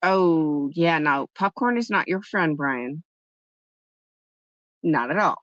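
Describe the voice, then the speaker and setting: A woman's voice: deep voice, lively intonation, slow, fairly bright tone, no echo. Woman live-stream host, casual and chatty, tells stories and answers her viewers; dry, muffled lo-fi recording. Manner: chatty storytelling, answering chat. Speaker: livestream host. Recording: dull lo-fi, dry sound.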